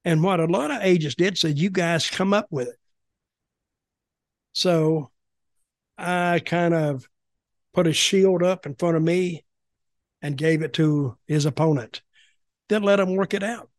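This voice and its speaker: A man's voice: fairly high pitch, measured pace, pauses often, no room sound. An older man telling blunt, rambling stories in casual podcast chat, often repeating himself. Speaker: podcast guest, former wrestling executive.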